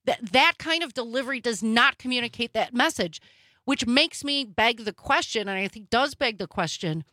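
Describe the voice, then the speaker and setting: A woman's voice: a little high, animated, normal speed, bright, forceful tone, no room sound. A woman hosting a political talk radio show, speaking in an emphatic, opinionated way.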